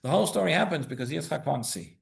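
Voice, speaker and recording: Teaching the weekly Torah portion to a synagogue congregation, this man speaks fast in a gravelly, fairly high voice with lively intonation. He poses rhetorical questions again and again, tosses in "right?", and repeats words to build up each point.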